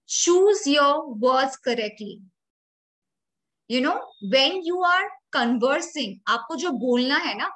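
A young adult woman with an Indian English accent gives a grooming training lecture, emphatic and explanatory, speaking directly to her listeners. Her voice is high-pitched and a bit bright, and the recording quality is low.

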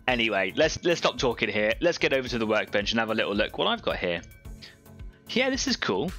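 A man's voice: medium pitch, bright, forceful tone. A man in his thirties hosting a live painting stream at his home hobby workbench, chatting in a rambling, friendly way with lots of asides. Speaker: host of a live painting show. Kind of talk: casual live-stream chat.

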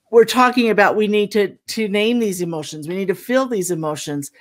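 A woman co-hosting an interview, speaking reflectively and thinking aloud. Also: medium pitch. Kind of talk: conversational interview.

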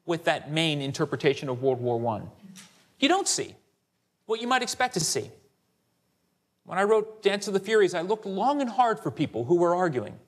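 Male historian, symposium lecture, slightly high, animated delivery. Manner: conversational, rhetorical asides like "Right?"; animated, quotes sources in character. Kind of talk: academic lecture.

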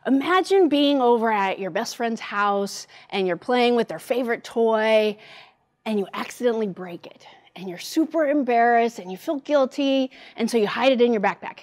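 A middle-aged woman giving a devotional church talk, telling a personal story in an animated way. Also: a little high, normal speed. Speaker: church speaker.

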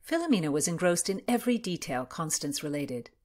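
A woman reading historical fiction aloud in a measured, expressive narration. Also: low voice.

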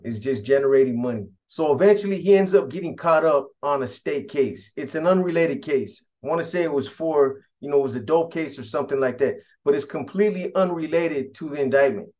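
A man telling a story in a loose, rambling street-talk way, padding his sentences and circling back to repeat himself. His voice sits a touch higher than most men's. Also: a little mellow. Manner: loose and repetitive, street slang, frequent "you know". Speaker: storyteller recounting prison events. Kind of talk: casual spoken storytelling.

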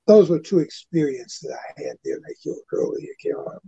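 Gravelly older man telling a story. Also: fairly high pitch, wildly swooping pitch, warm tone. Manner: halting, frequent "you know". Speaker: guest. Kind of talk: personal storytelling. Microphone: webcast mic. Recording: dull lo-fi webcast audio.

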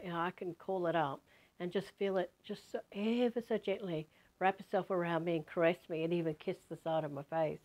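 Lively Australian woman telling a story. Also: lowish voice. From Western Australia. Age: over 50. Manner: animated, acts out quoted voices. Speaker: spiritual teacher. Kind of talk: personal storytelling.

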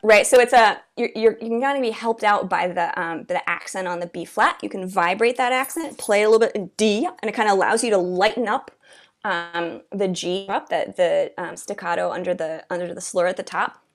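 Woman oboe teacher, mid pitch, chatty, sings rhythms between tips. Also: a little fast. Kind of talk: instrument masterclass explanation. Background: oboe playing.

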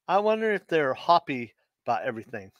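A man hosting a live stream, reading out dad jokes in a relaxed, easygoing way and laughing at his own punchlines. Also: fairly high pitch, brisk, no echo. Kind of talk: casual live stream joke telling.

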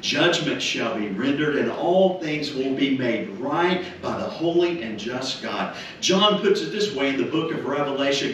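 A man's voice: mid-range voice, lively intonation, a little slow, hardly any pauses, fairly bright tone. A man officiating a memorial service, preaching a funeral sermon in an earnest way and repeating rhetorical questions. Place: funeral home chapel. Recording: echoey chapel, mic far off, room noise.

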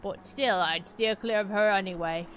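A woman's voice: mid-range voice, moderate pace, fairly bright tone, faint music behind, pitched below the performer's own voice, lightly acted. A woman voicing a stern rustic male villager in a game, talking in a folksy, scolding drawl. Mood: dismissive. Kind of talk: voicing game characters on stream.

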